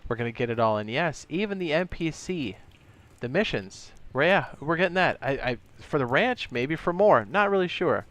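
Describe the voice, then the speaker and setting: A young man with a fairly high voice chats on a gaming live stream at normal speed. He's excitable and chatty, tossing in playful sound effects.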